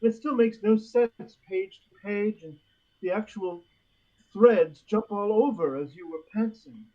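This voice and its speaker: Man doing a high, manic comedian bit, muffled lo-fi sound. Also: unhurried. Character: manic, excitable comedian impression. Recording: dull lo-fi audio.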